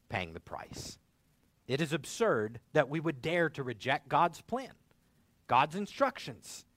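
A man preaching a sermon in an animated way, acting out the dialogue of biblical figures in different voices. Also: medium pitch, no echo. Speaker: pastor.

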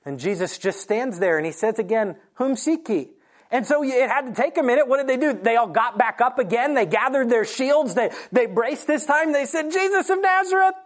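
A preacher giving a sermon in a mid-pitched voice. They act out quoted lines with sudden lifts in pitch, then slow down deliberately to press home key points. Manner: animated storytelling, acting out quoted lines; slows down to stress key points. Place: church morning service.

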